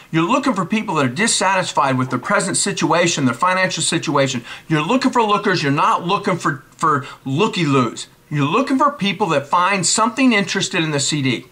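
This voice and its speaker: A man in his forties giving casual sales coaching, brisk and emphatic, repeating his key points. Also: high voice, bright, forceful tone. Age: 40s. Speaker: network marketing coach. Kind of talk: casual instructional talk.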